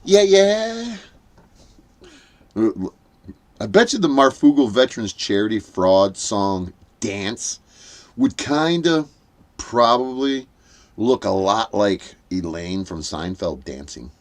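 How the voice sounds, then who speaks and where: A man's voice: lowish voice, sing-song, slow pace. Rambling crude older man streaming late. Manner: crude, cackling and rambling, swearing often. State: punch-drunk from staying up late. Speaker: livestream host. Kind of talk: late-night livestream chat.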